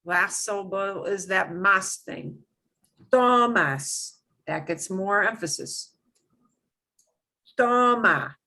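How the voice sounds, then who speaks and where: A woman's voice: medium pitch, steady tone, measured pace, vocal fry, few pauses, pushed and bright. A middle-aged woman teaching a language lesson, explaining patiently with lots of repetition and emphatic examples. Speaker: Spanish teacher.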